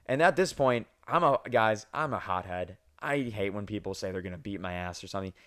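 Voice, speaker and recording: A young man hosting a podcast, telling work stories in a casual, profane, animated way. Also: lowish voice, a little fast, clear, resonant tone, dry recording, clean studio sound. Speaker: podcast host.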